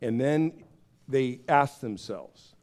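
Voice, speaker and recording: A man preaching a sermon in a conversational, storytelling way, acting out voices with big swings of pitch. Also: lively intonation, takes it slowly, darkish tone. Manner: conversational, with fillers and restarts. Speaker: pastor.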